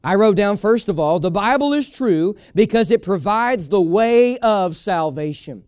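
A male pastor delivers an emphatic sermon in a high, clear, resonant voice. He hammers home his main points by repeating them. The sound is close and dry, with no room around it. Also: lively intonation, measured pace, darkish tone, no room sound. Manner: emphatic preaching with repeated key phrases.

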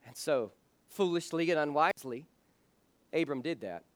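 A male pastor with a high-pitched voice preaching a sermon. He talks in an earnest, frank way and often repeats the start of a phrase. The sound is close and dry, with no room echo. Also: expressive, moderate pace.

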